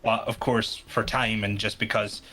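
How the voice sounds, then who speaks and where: A man's voice: fairly low pitch, little pitch movement, normal speed, sharp tone, a little hiss or hum. A man guest-hosting a live stream, talking casually and hesitantly with many restarts. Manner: hesitant, full of restarts, laughing easily. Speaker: guest co-host.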